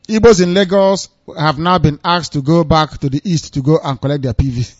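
A man's voice: on the high side, fairly quick, no room sound. Man hosting a muffled radio show. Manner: laughing, exclamatory, mocking asides. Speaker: radio host. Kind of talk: call-in radio talk.

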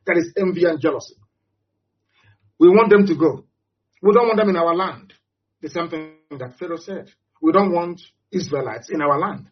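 A man with a Nigerian accent speaks in a high, forceful register, driving each point home through repetition and pointed rhetorical questions. The audio is dull and lo-fi, with the top end rolled off. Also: brisk. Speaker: political speaker. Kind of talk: impassioned broadcast address.

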